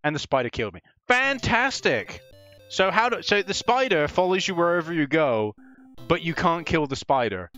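Casting: man, lively swooping pitch, excitable let's-play host, faint game music under. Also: a little fast, dull audio. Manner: excitable, swears and laughs, yelps at enemies. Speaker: gaming channel host.

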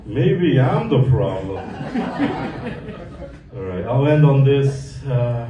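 A man's voice: mid-range voice, drawn-out words, pauses often, recorded from a distance, lo-fi sound, crowd noise. A man in his thirties from Mexico doing a casual, profane stand-up set in a comedy club. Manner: deadpan, casual, profane storytelling. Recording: echoey club recorded from afar. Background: audience laughter and room noise.

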